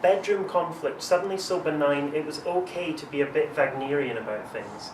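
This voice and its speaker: A man reading poems aloud at a live reading, with an animated, teasing delivery. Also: on the high side, moderate pace, background noise. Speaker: performing poet. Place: library reading room. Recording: echoey room, voice from far off.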